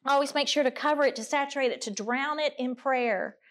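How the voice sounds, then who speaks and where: A woman's voice: high voice, a little fast. A middle-aged woman giving a candid, earnest talk to a women's gathering, mixing personal stories with scripture readings. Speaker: women's ministry speaker. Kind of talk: conversational sermon with scripture reading.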